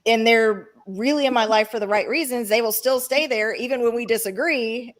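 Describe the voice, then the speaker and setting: A woman's voice: a little high, normal speed. A woman moderating a panel discussion, speaking thoughtfully and earnestly with frequent fillers.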